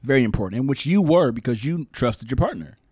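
A man's voice: animated, quick pace, darkish tone, slightly rough, dry recording, studio quality. Joking man co-hosting a podcast. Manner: crude joking, swings high when teasing. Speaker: podcast co-host. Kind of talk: casual podcast chat.

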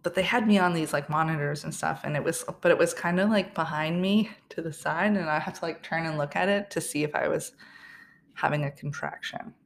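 Low-pitched young woman host, chatty and laughing, faint noise behind. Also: a little fast, vocal fry. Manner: chatty, laughs often, trailing restarts. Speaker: podcast host. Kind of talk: casual personal storytelling.

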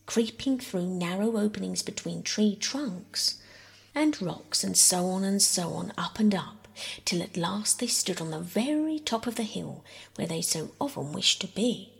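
Husky, whispery bedtime narrator, a woman. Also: medium pitch, lively intonation, measured pace. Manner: soft, half-whispered reading. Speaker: audiobook narrator. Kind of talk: soft bedtime story reading.

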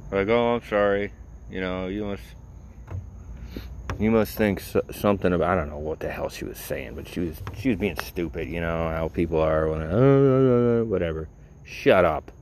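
Deep-voiced man rambling through a story. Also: gravelly, slight background noise. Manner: rambling, loaded with fillers, wry and profane. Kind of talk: casual personal storytelling.

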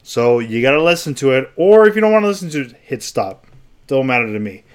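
A young man hosting his own podcast, talking casually and confessionally, rambling with sudden animated bursts. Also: mid-range voice, quick pace, smooth. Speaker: podcast host. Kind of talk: casual solo podcast monologue.

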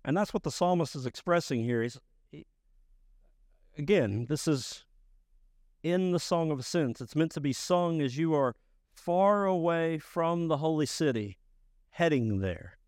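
A man preaching a sermon as pastor, emphatic and rising to loud bursts. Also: fairly high pitch, expressive, unhurried, long pauses, no room sound, studio quality.

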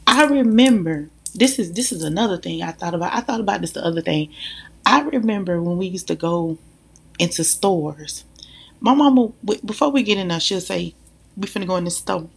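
A woman, a mother, speaking in a casual, animated monologue, talking emphatically and directly to her listeners. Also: on the low side, a little fast, gravelly, breathy edge. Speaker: mother sharing views.

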